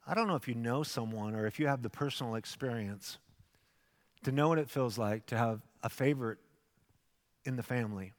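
Animated preaching man in an echoing hall. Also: medium pitch, fairly quick. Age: 50s. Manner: animated preaching with acted asides, swings from loud to hushed. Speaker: pastor. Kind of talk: sermon. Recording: long hall reverb.

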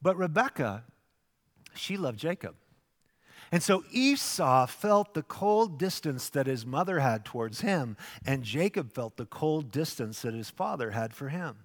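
Animated preaching man in an echoing hall. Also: fairly high pitch, measured pace. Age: 50s. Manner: animated preaching with acted asides, swings from loud to hushed. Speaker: pastor. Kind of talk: sermon. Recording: long hall reverb.

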